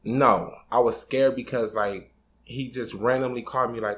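A man in his twenties tells a personal story candidly on a podcast, casual and slangy, swearing freely and growing emotional. His mid-range voice is a bit bright, with fairly even intonation at a normal speed, and there's slight background noise.

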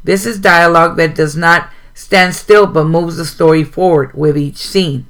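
A man reads a writing guide aloud on his own show and stops now and then for a short aside. His voice is bright and a little high. He pauses with an occasional um. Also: fairly even intonation. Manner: plain reading with occasional ums and asides. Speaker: host reading a writing guide. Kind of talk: reading a book aloud with comments.

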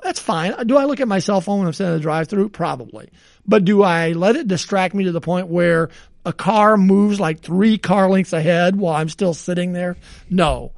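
Gravelly high-voiced man chatting on a podcast. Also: darkish tone, dry recording, studio quality. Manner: rambling storyteller, chuckles often. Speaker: podcast co-host. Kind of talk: casual podcast chat.

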